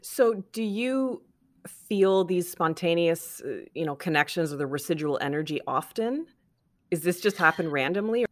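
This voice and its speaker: Soft-spoken low-pitched woman host. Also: animated, normal speed. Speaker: interview host. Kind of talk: interviewing.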